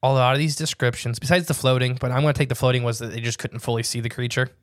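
A man's voice: medium pitch, steady tone, no echo, clean studio sound. Rambling man on a podcast. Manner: rambling, jokey, slows to stress details. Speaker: podcast co-host. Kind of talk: casual podcast chat.

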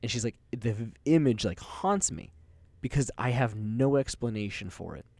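A man's voice: medium pitch, animated, moderate pace, vocal fry, warm tone, no room sound. A young man co-hosting a podcast, telling stories in a rambling, casual way with easy swearing and laughter. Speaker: podcast co-host. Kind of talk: casual chat, storytelling.

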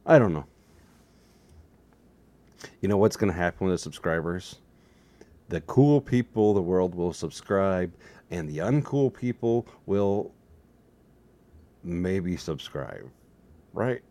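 A man's voice: low-pitched, lively intonation, takes it slowly, long pauses, mellow. A tired man chatting in a meandering, self-deprecating way on his own vlog. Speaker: vlogger. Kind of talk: rambling casual vlog.

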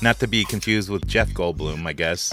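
A man's voice: low-pitched, brisk, a bit bright, soft background music. A male podcast host in casual chat, laid-back and crude, introducing callers.

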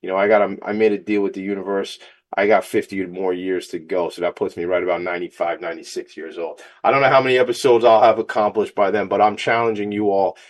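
A man hosts a radio show in a casual, energetic monologue. His voice sits fairly low. He teases himself and pushes his listeners to act. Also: fast talker. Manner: fired-up, joking, self-teasing.

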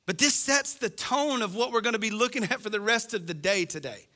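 Male pastor, middle-aged, impassioned sermon delivery, high-pitched, piercingly bright tone. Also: animated, a little fast. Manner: impassioned, acts out quoted voices.

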